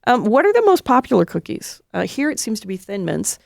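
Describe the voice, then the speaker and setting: Creaky-voiced woman radio host. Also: medium pitch, very animated, fairly quick, a little mellow, no room sound, clean studio sound. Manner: playful, chatty, upbeat. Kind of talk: casual on-air interview. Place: radio studio.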